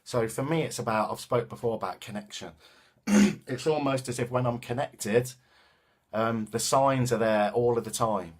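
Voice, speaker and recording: A man's voice: mid-range voice, normal speed, breathy edge. A man with a Coventry accent, speaking in a casual, reflective way with frequent hesitations and restarts. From England. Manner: thoughtful, hesitant with many ums and restarts. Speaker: vlogger and self-defense teacher.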